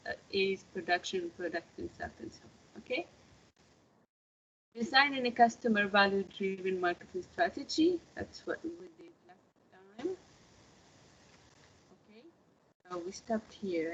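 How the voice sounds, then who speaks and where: A woman's voice: medium pitch, pushed and bright, a little hiss or hum. A woman teaching a marketing course over a video call. She explains patiently and keeps checking in with her students. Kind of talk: online lecture. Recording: muffled lo-fi call audio.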